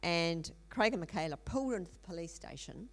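Earnest woman with a gravelly low voice. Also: lively intonation, a little fast. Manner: earnest, many ums and restarts. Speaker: speaker in a church teaching series. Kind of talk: sermon storytelling.

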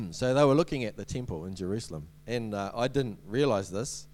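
A man's voice: mid-range voice, expressive, normal speed, darkish tone. A man giving a sermon as a preacher, in a conversational way with many ums and restarts and light humorous asides.

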